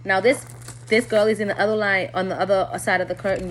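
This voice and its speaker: A woman telling a personal story to her viewers in a candid, casual way, often dropping low and quiet. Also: level tone, fast, slight background noise.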